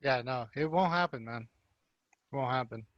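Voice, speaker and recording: A man's voice: mid-range voice, moderate pace, a bit bright, dry recording, muffled recording. A man in casual podcast chat, mostly giving brief agreeing replies.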